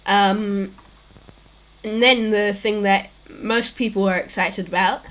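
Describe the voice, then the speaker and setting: A woman's voice: mid-range voice, fairly even intonation, slow pace, fairly bright tone. Young woman host rambling thru tech news, lots of ums and restarts, dry mouth. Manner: rambling, many fillers and restarts. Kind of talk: casual tech chat.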